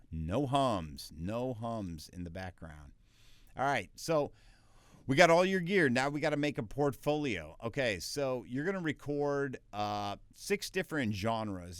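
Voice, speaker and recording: A man casually explaining voiceover basics, quick and loose with filler words. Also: on the low side, clear, resonant tone, dry recording. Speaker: voiceover tutor. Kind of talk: casual tutorial talk. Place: small home recording space.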